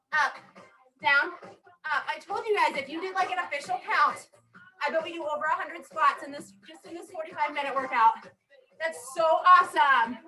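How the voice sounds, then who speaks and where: A woman's voice: extremely high pitch, low-quality recording. A woman leading a strength workout class, counting reps and cheering the class on in an upbeat way, a little out of breath. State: a bit out of breath. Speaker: fitness instructor.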